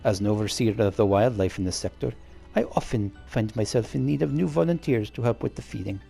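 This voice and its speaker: During a game playthrough, a man reads dialogue for a shrewd female wildlife overseer, putting on an accent and drawing out his lines in a sly, theatrical way. His voice is lowish, creaky, mellow and husky, with faint music behind it.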